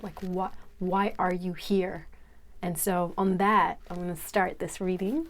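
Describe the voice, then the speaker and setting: A woman author speaking softly and earnestly, first talking about faith and then reading aloud from her own book. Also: lowish voice, level tone, moderate pace. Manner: soft, earnest and confessional. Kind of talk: personal reflection and book reading.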